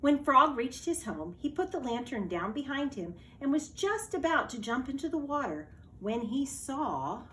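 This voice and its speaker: A woman, a teacher, reading a children's storybook aloud in a slow, expressive way. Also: high voice, roomy sound, a little hiss or hum.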